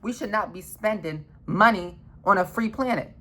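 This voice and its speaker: A woman in an impassioned, swearing rant who repeats herself and swings between loud outbursts and low mutters. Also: moderate pace.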